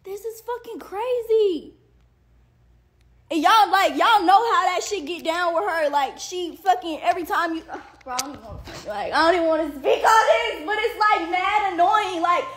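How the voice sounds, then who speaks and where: A woman's voice: very high voice, a little fast, few pauses, a bit bright. A young woman on a livestream, ranting in an indignant and exasperated way, swearing constantly and filling her speech with "like" and "bro", with bursts of laughter. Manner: heavy profanity, repeated "like" and "bro". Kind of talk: angry livestream rant.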